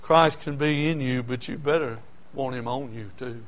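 A man's voice: medium pitch, normal speed, slight background noise. A man preaching a sermon, telling personal stories in a folksy way and building to emotional peaks.

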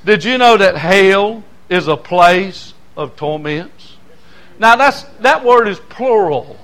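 An older man preaching a fiery sermon, swinging from loud cries down to low tones and asking for amens. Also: animated, takes it slowly.

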